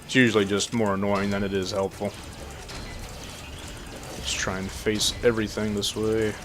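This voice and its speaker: Laid-back low-voiced male gamer. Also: flat delivery, moderate pace, a bit bright, faint music behind. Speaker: gameplay commentator. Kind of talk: casual gameplay commentary.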